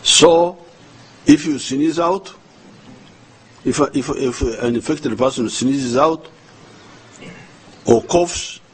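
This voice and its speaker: An older man with a Ugandan accent delivers a formal national address in an unhurried, deliberate way, circling back over words as he looks for the next one. His pace is very slow. A faint noise sits under the recording. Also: medium pitch, poor audio. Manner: slow and deliberate, repeating words while searching for them. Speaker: head of state addressing the nation.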